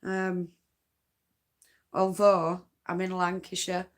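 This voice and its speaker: A woman with a Yorkshire accent, chatting in a loose, rambling way on a late-night livestream from home. Her voice sits a little low, and she takes her time with each thought. Dialect forms slip into her everyday talk. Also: completely flat delivery, slow. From North Yorkshire, England. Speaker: craft livestream host. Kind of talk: casual late-night live chat.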